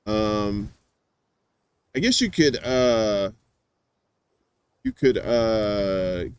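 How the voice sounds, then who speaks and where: A man's voice: on the low side, lively intonation, drawn-out words, darkish tone, clear, resonant tone, dry recording. A man hosting a show, chatting casually in a rambling, teasing way with lots of fillers and restarts. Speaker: podcast host. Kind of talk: casual chat.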